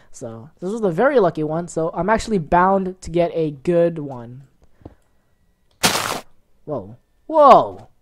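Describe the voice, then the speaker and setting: A woman talks through a game on her own channel in a low-set voice that leaps up and down in pitch. She reacts loudly and excitedly to each event, keeping up casual running commentary. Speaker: gaming channel host. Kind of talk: let's-play commentary.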